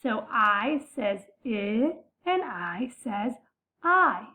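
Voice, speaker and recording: A woman teaching a phonics lesson, saying each sound slowly and stretching it out for young learners. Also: on the high side, big pitch swings, bright, forceful tone. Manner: slow, deliberate, stretching out sounds. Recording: phone-like narrow sound.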